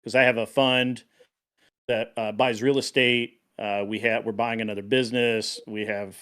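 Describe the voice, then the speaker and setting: A man from Tennessee, a panel guest on a live call, talking in halting, restarting sentences in casual debate chat. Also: mid-range voice, little pitch movement, a bit bright.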